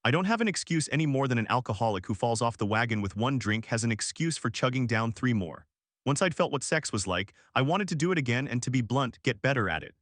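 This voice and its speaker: A man reads a first-person audiobook in a reflective, confessional tone. His voice sits at an ordinary middle pitch. The recording is dry and close, with no room sound. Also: animated, quick pace, fairly bright tone, no echo. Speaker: audiobook narrator.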